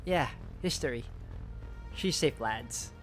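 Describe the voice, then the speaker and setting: A man's voice: medium pitch, expressive, slow pace, faint music behind. A man voicing a breezy, cunning man who talks his way out of trouble. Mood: sly. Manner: breezy, cunning, covering for a friend. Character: Jim, sly British man, smooth talker.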